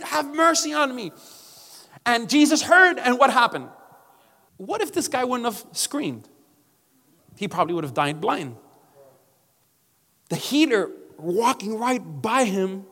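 A man's voice: high-pitched, sing-song, a little slow, pauses often, bright, forceful tone, long reverb tail. A male pastor preaching a sermon emphatically, calling out to his congregation.

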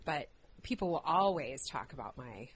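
A woman's voice: deep voice, very animated, normal speed, a little hiss or hum. A woman from New Mexico, talking in casual chat as a podcast host. She sounds Minnesotan, talks chattily and laughs easily.

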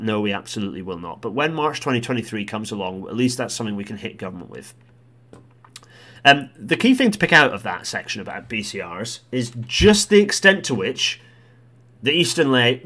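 A man giving commentary on a policy report, exasperated and blunt, who swears and bursts into loud rants. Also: medium pitch.

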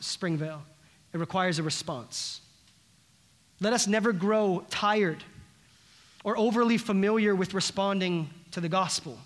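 A man's voice: high voice, a bit bright. A pastor preaching a sermon to his congregation, earnest and building through emphatic repeated phrases.

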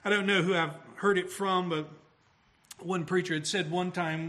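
Guy preaching a sermon, kinda high voice, gets loud and punchy when he hits a point. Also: fairly even intonation, normal speed. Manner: emphatic, swells louder on key phrases.

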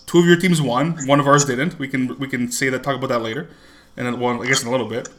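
Easygoing male podcast host, bright voice. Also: mid-range voice, steady tone, fast. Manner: laid-back, agreeable, chuckles often. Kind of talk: casual chat.

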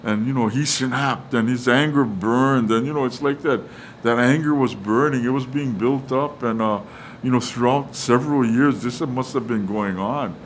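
A man's voice: medium pitch, moderate pace, slight background noise, rough recording. A man preaching a sermon, reading Bible verses with many fillers and restarts. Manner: reads verses and acts out quotes casually. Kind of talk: sermon on Scripture.

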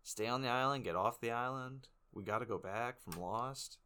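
A man co-hosting a movie review podcast, relaxed and joking, laughing often. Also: medium pitch, moderate pace, smooth. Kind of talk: casual chat.

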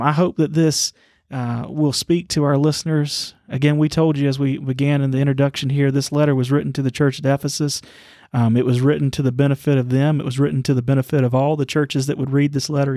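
Man, podcast co-host, earnest halting storyteller, dry close mic, mid pitch. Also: little pitch movement, dark tone, dry recording. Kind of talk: Bible study podcast conversation.

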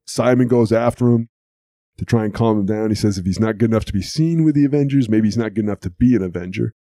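A man's voice: lowish voice, fast, mellow, dry recording, studio quality. A man co-hosting an audio podcast, chatting and laughing as he recaps a cartoon episode. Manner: chatty, amused, laughs often while recapping. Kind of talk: casual chat.

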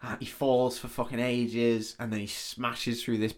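A man's voice: mid-range voice, flat delivery, measured pace. A man casually retelling a film plot on a podcast, sweary and rambling, acting out the characters' lines as he goes. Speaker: podcast co-host. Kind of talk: casual film recap chat.

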